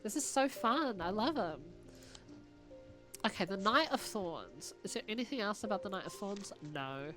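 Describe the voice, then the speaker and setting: A young adult woman live-streaming a puzzle game, chatting excitedly, thinking aloud and reading on-screen text. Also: mid-range voice, moderate pace, faint music behind. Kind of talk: casual live-stream chat while playing a puzzle game.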